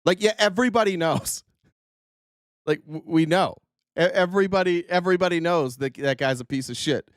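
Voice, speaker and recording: A man hosting a political commentary livestream, his voice smooth and resonant in a dry, close-miked sound. He talks sarcastically and curses freely, with frequent "uh" fillers and restarts. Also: high voice, moderate pace, dry recording. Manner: sarcastic, profane, filler-heavy. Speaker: livestream host.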